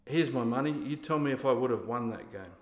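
An actor playing a drunk, bullying older army sergeant who barks insults and orders. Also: male voice, mid-range voice, brisk, dull audio, lightly acted. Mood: commanding. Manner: barking, insulting, commanding. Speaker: actor in a scene. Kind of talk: stage scene acting. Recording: echoey hall.

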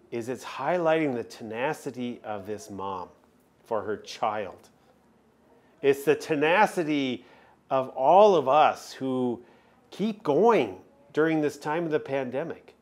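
A man, preaching a sermon as chaplain, earnest and emphatic with dramatic pauses. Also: mid-range voice.

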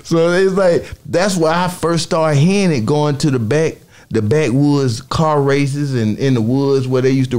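A man as an interview guest, telling stories in casual talk and acting out quotes in other voices. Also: medium pitch. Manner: animated storyteller, acts out quotes in voices.

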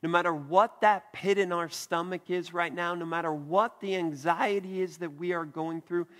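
A man preaching a sermon as pastor, earnest and deliberate, with soft emphatic pauses. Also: high-pitched, steady tone, in a large hall. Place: church.

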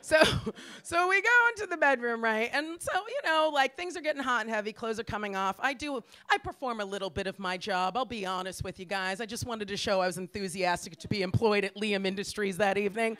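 A woman doing a stand-up set on a comedy club stage, animated and profane, acting out the voices of other people. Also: mid-range voice, a little fast. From United States.

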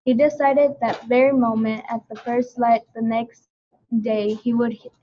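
A woman's voice: on the high side, little pitch movement, measured pace, warm tone, a little hiss or hum. Woman carefully reading a children's story. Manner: careful reading with small slips and restarts. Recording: dull lo-fi recording.

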